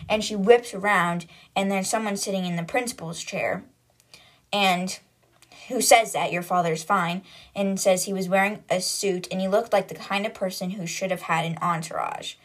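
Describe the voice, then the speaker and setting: A woman hosts a book podcast and recaps the story in a relaxed, talkative way. Her voice sits at an ordinary middle pitch, and she keeps it conversational and loose, with frequent fillers as she paraphrases. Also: moderate pace. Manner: chatty retelling with lots of "like" and paraphrase. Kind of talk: casual chapter recap.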